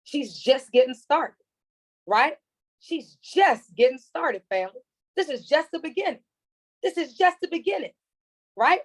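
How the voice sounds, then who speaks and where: Host, woman, high register, energetic hype man on a video call, keeps rallying the chat. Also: low-quality recording. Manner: energetic, repetitive, calls for chat reactions. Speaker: host of an online training call.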